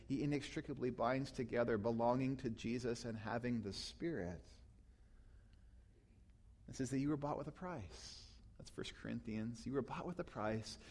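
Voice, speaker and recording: A man preaching a sermon as pastor, teaching closely from scripture, rising to loud emphatic peaks and falling back to quiet, low passages. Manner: teaching tone, explains grammar of scripture.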